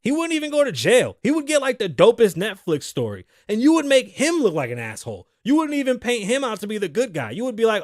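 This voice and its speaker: Animated, profane man in his thirties. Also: high-pitched, quick pace, hardly any pauses, no echo, clean studio sound. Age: 30s. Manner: profane, animated, joking, laughs often. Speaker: podcast host. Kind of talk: casual solo podcast rant. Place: studio.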